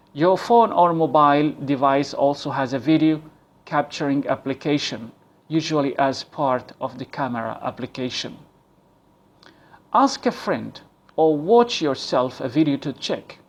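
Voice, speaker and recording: Guy teaching english sounds, talks real slow, kinda high voice, repeats stuff. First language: Arabic. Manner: repeats key points, models words slowly. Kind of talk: slow, deliberate pronunciation lesson.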